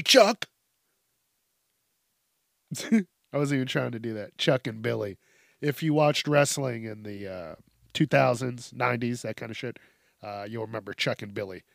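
A man's voice: medium pitch, creaky, no room sound, studio quality. A man hosting a solo podcast, rambling casually with a lot of swearing and laughing at his own tangents. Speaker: podcast host.

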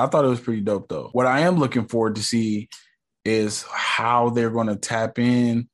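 Laid-back slangy American podcast guy. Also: medium pitch. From United States. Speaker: podcast host. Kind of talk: casual solo podcast review.

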